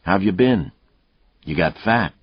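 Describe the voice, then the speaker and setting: A man reading a story, voicing a veteran police detective who talks calmly in clipped, needling lines. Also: sits low, slow pace, husky, no room sound, voice pushed up, heavily acted. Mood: taunting. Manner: taunting, calm, clipped threats. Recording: dull, muffled dry audio.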